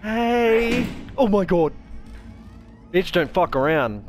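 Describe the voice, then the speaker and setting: A man's voice: mid-range voice, lively intonation, slow. A man giving foul-mouthed gameplay commentary, jumpy and cursing constantly. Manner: swears constantly, jumpy, shrieks when startled. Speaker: let's player.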